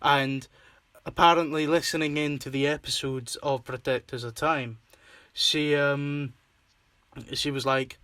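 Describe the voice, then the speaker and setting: A man's voice: a little high, steady tone, unhurried, bright, forceful tone, no room sound. Young Scottish man chatting casually. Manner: laughing, swearing, rambling with fillers. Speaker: podcast host and filmmaker. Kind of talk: casual chat.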